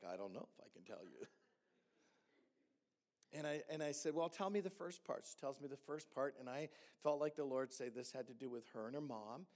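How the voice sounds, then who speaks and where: A man, a pastor, telling a story in a sermon and acting out the dialogue with lively energy. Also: a little high. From Hamilton.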